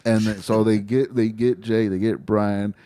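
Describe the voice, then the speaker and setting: Profane, animated male comedian telling a story. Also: on the low side, a little slow. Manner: profane, animated storyteller who acts out quoted people. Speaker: podcast co-host and comedian.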